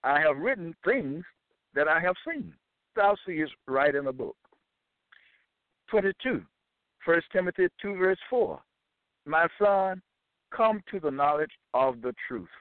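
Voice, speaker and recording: Man, bible teacher, slow deliberate scripture reading, dry close sound. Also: on the high side, expressive, no room sound. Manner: deliberate, measured, cites each chapter and verse aloud. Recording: dry, tinny phone-like sound.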